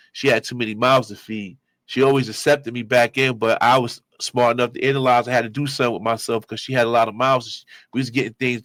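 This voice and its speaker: A man hosting his own show, giving loose, slangy street commentary and shout-outs. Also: medium pitch, no room sound. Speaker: show host reacting to clips. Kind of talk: casual commentary.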